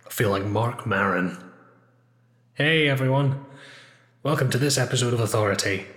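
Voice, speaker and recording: An actor playing a frustrated young podcaster, exasperated and sarcastic with deadpan asides. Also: male voice, mid-range voice, moderate pace, close to an everyday voice. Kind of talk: comedy sketch acting.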